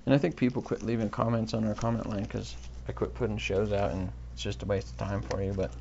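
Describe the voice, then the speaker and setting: Low gravelly-voiced man rambling on a podcast. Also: level tone, fast talker, a little mellow, muffled recording, slight background noise. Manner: rambling, self-mocking, offhand. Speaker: podcast host. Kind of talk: rambling solo podcast chat.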